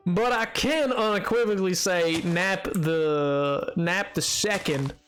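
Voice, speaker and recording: A man with a fairly high voice rambles through a live game stream, chatting with his viewers. He talks playfully and trips over his own restarts, and faint music plays underneath. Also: slow pace, fairly bright tone. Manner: rambling and playful, stumbling over restarts while reading chat. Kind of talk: casual live-stream chat while gaming.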